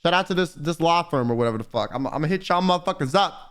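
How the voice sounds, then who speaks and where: A young man streaming, telling stories in casual, profane, animated chat. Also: a little high, very fast.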